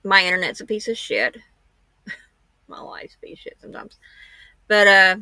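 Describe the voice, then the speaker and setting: A woman's voice: medium pitch, flat delivery, normal speed, pauses often, bright, forceful tone, clean tone, no echo. A woman hosting a true-crime livestream from home, rambling in a frank, homespun way. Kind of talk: casual livestream chat.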